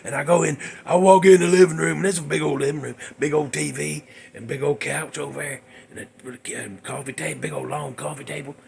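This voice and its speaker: A man's voice: a little high, fairly even intonation, a little fast, creaky, hardly any pauses, a little mellow, a little hiss or hum. A man hosting his own show, telling a dream story in a rambling, folksy, exasperated way. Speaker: host. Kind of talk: comedic storytelling monologue.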